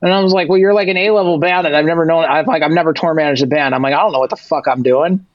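Rapid-fire and a little high, the tour manager's voice comes through lo-fi with no room sound. The Persian-heritage guest spins casual stories in an interview, animated and profane, stuffed with "like," voicing both people in every conversation.

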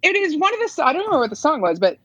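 A woman telling a story in casual chat, animated and laughing often. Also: sits high, rapid-fire, dull audio, a crowd in the background.

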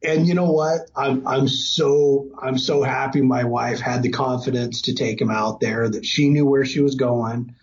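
Middle-aged man as a podcast guest, chatty storyteller at an average pitch, slightly dull recording with faint hiss. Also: a little slow, hardly any pauses. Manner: animated, breaks into excited quoting. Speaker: hunting guest. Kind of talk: casual storytelling.

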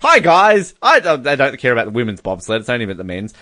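A man co-hosts a loose, joking chat, reading messages aloud and laughing at them. His pitch moves around a lot. The sound is close and dry. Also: animated, rapid-fire, sharp tone, no room sound. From Australia. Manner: chatty, amused, laughs often. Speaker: podcast co-host.

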